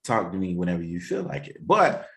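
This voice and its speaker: A man with a fairly low voice hosts a relaxed podcast conversation. He talks earnestly and leans on repetition to drive his points home. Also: a little fast. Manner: earnest, emphatic, repeats phrases for stress. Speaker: podcast host and counselor. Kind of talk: casual podcast chat.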